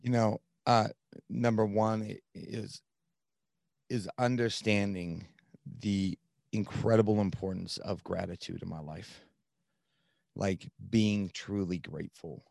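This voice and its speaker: A man in his thirties, a podcast guest, telling his own story in an earnest, animated way with plenty of "like" fillers. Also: on the low side, slow, gravelly, no room sound, clean studio sound. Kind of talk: candid storytelling.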